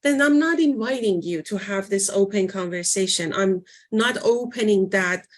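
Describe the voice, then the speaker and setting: Woman presenter, informal teaching talk, conversational, searching for words, medium pitch. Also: moderate pace. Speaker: workshop presenter.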